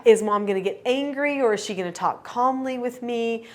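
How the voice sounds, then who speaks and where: A middle-aged woman giving calm, earnest parenting advice straight to camera, now and then acting out what a parent and child might say. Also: on the high side, normal speed. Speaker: parenting coach. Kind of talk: instructional talk to camera.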